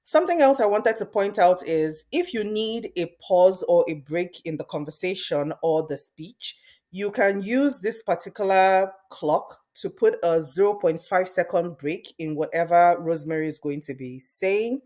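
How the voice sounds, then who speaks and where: A woman presenting a screen-recorded software tutorial, explaining step by step in a conversational way, thinking aloud as she clicks. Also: lowish voice, normal speed.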